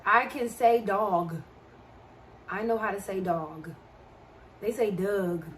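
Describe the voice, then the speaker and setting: A young woman with a DMV accent chatting on a live stream at a middle pitch. She answers her viewers' comments in a loose, chatty way. A faint hum of noise sits under her voice. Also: takes it slowly. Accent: DMV (Washington, D.C. area) American. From American. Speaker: livestreamer. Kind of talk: casual live-stream chat.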